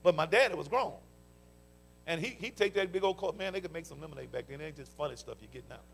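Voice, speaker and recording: An older Southern US man preaching in church, his voice sitting high and carrying a gravelly edge. He mixes folksy stories with fervent calls of praise and response. The delivery is a warm sermon, full of conviction. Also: fast talker, a little hiss or hum. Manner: folksy storytelling. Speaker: pastor. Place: church sanctuary.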